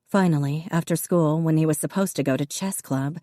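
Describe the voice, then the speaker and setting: A woman narrating an audiobook in an even, measured reading. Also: low voice, no room sound, clean studio sound. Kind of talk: scripted narration.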